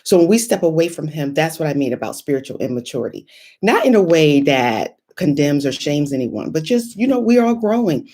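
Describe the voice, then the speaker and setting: A woman in her thirties hosting a casual faith livestream, telling stories in an animated, encouraging way. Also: low-pitched, a little fast. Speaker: host.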